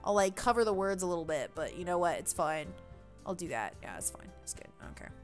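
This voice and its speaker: A woman's voice: lowish voice, expressive, a little fast. Rambling young woman playing a game. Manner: self-deprecating, rambling asides. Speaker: let's play gamer. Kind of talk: game commentary. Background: faint game music.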